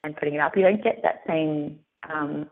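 A woman's voice: low-pitched, normal speed. A young woman with an Australian accent mixed with American, an actress chatting upbeat with many fillers in a phone interview. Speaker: actress guest. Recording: tinny phone line.

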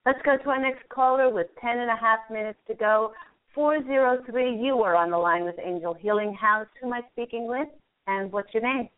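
A woman's voice: on the high side, fairly quick. Soothing woman radio host on a phone-like line. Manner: warm, soothing and encouraging, with frequent laughs. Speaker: radio host and angel card reader. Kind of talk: call-in radio reading.

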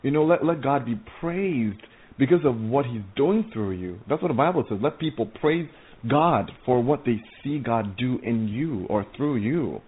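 A man's voice: medium pitch, expressive. Male preacher, earnest stumbling testimony, tinny lo-fi line. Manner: halting, repeats words, earnest. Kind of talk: testimony sermon. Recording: tinny phone-like audio.

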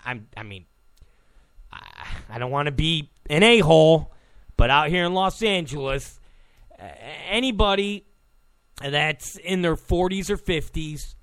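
Gravelly, animated male talk host. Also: sits high, no room sound. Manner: rambling, repetitive, blunt, stammering restarts. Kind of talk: rambling political monologue. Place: Los Angeles studio.

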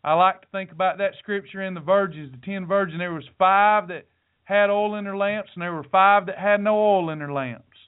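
A middle-aged man hosts his podcast like a preacher, folksy and direct with his listeners. His voice sits high for a man. The sound is thin and tinny, like a phone line. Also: moderate pace, smooth. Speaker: podcast host. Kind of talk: preachy motivational talk.

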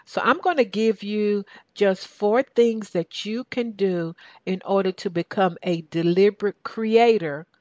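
A woman with a Southern US accent delivers a sermon at an unhurried, deliberate pace. Her voice sits slightly low, and she drives points home by repeating phrases and putting questions to her listeners. The sound is dry and close, with little room echo. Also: darkish tone. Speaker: preacher.

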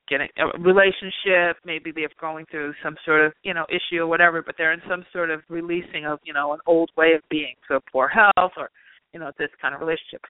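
A man with a slightly high, clear, resonant voice hosts a spiritual talk show and works as a spiritual reader. The recording is dry with a tinny phone-line sound and no room sound, and he chats casually, sprinkling in "you know" and "like."

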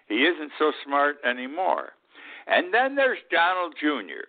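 A man's voice: a little high, huge pitch swings, unhurried. A man in his eighties hosting a political commentary show, blunt and indignant, often repeating himself. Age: 80s. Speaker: host. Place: Key West. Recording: tinny phone-like line.

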